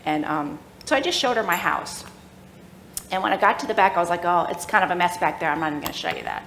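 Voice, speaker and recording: A middle-aged woman telling a personal faith story at a church workshop, animated and laughing as she acts out the voices of people in the story. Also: fairly low pitch, fast, slight background noise. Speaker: workshop speaker. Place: church room. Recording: echoey room with faint ambience.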